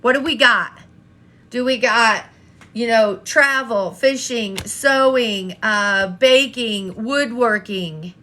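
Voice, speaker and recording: A woman's voice: on the high side, slow, bright, forceful tone. A woman coaching an online audience, talking straight to viewers and firing rhetorical questions, often repeating herself. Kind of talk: live-stream coaching talk.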